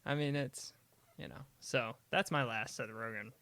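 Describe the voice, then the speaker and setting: A man's voice: medium pitch, fairly even intonation, moderate pace, pushed and bright, no echo. A young man co-hosting a podcast, chatting casually and rambling about movies, saying "man" and "like" a lot. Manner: laid-back, rambling, says "man" and "like" often. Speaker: podcast co-host. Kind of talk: casual chat.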